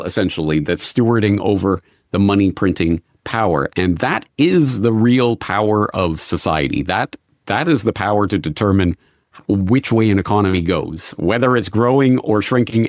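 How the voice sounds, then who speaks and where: Middle-aged male guest, low register, measured and deliberate, dry close-miked sound. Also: a little mellow, no echo. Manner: measured, restarts phrases, occasional dry laugh. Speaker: interview guest. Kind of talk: conversational interview answers.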